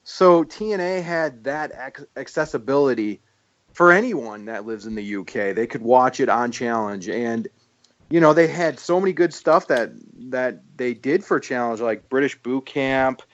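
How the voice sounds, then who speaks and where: Measured, explaining podcast man. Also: medium pitch, animated, dry recording, dull audio. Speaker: podcast co-host. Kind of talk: casual wrestling talk.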